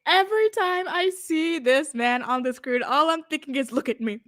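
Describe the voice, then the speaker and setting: A woman's voice: sits high, fairly bright tone, no echo, studio quality. Giggly chatty young woman. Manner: chatty, giggly, dramatic asides to viewers. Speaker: streamer recapping a reality show. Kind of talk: casual livestream commentary.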